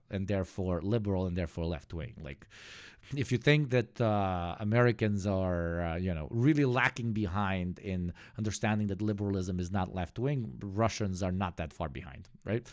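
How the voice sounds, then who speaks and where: A man's voice: low voice, a little mellow, no room sound, clean studio sound. Sarcastic, profane male streamer. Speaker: streamer host. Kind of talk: live stream commentary.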